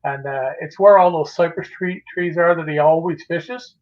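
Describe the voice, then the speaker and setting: Man, fairly high voice, animated storyteller who restarts his sentences a lot; muffled lo-fi stream sound. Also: moderate pace. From Canada. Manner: animated anecdote teller, many restarts. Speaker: guest, magazine publisher. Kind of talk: casual storytelling on a live show.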